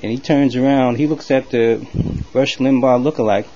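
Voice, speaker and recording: A man telling a comic story to the camera in a loose, rambling, animated way. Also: mid-range voice, moderate pace, dull audio. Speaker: comedy vlogger.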